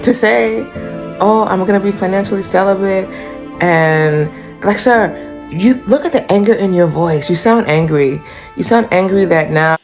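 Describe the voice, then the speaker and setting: A woman's voice: mid-range voice, a little slow, darkish tone. A woman giving a blunt, dismissive lecture to men about dating, in a social media video clip. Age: adult. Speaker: commentator. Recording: dull clip with music behind.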